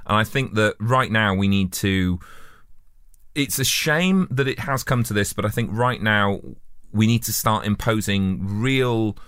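A young man co-hosting a casual conversation, animated and quick to act out quoted remarks. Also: clear, resonant tone. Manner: animated, jumps in pitch when acting out quotes. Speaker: podcast co-host.

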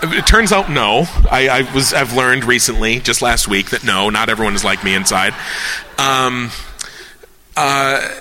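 A man leading a discussion in a casual, lecture-like way, animated and joking, thinking aloud with many restarts. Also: medium pitch, unhurried, in a large hall, noisy background. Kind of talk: casual lecture-style talk.

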